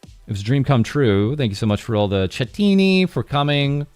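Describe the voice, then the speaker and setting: A man's voice: medium pitch, very animated, normal speed, darkish tone, clean tone, dry recording, faint music behind. A man casually commenting over clips as host of a news show, rambling with many uhs. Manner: rambling, full of uhs and laughs.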